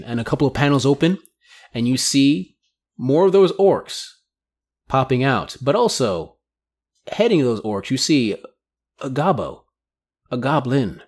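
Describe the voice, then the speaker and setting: A man narrating as game master of a tabletop game, playful and quick to laugh. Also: medium pitch, big pitch swings, darkish tone. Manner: playful, voicing characters, laughing.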